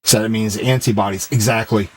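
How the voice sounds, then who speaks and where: A man with a fairly low voice rambles through a relaxed, joking chat with his stream viewers while he plays. He talks into a desk mic at home, with a faint hum of room noise behind him. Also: brisk, rough recording. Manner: rambling, loose and joking, reads chat aloud.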